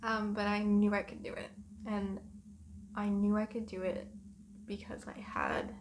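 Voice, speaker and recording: A young woman in her twenties rambling through a personal story in a vlog, soft and emotional with many pauses and ums. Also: medium pitch, flat delivery, a little hiss or hum. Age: 20s. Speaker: vlogger.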